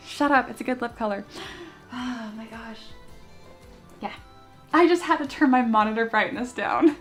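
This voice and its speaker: A woman's voice: a little high, unhurried, pauses often, faint music behind. A young woman chatting casually on a live stream, giggly and self-mocking, swearing freely as she reads chat. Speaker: streamer and 3D sculptor.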